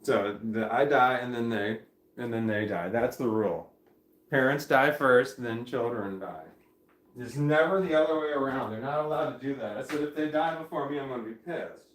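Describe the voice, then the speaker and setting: A middle-aged male vlogger rambles casually at normal speed in a mid-range voice, wandering off and cutting himself off, with the odd chuckle. He's filmed at home by a camera mic some distance away, so the room sounds roomy with faint ambience.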